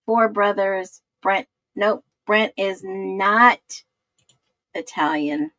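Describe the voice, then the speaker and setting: A woman hosts a casual livestream, reading viewers' comments and musing aloud while she searches for things. She speaks slowly, in a mid-range voice. The sound is dry and close, with little room echo. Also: medium pitch, a bit bright. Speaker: livestream host.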